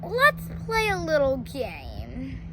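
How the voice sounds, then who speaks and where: A woman putting on a grumpy male cat villain from a retold storybook, impatient and demanding, his voice high and swooping up and down. The words come slowly, over a noisy home recording. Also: huge pitch swings, exaggerated voice.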